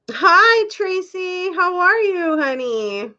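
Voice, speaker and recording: A woman's voice: high voice, sing-song, measured pace, a bit bright, lo-fi sound. A woman hosting a casual live stream, chatting candidly with viewers and laughing often.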